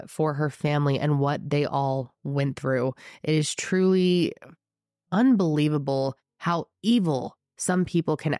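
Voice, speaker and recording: A young woman with a head cold hosts a true crime show, her low voice scratchy and congested. She tells the case with emphatic, chatty asides and a fired-up indignation. The sound is close and dry. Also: darkish tone, dry recording. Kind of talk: true crime storytelling to camera.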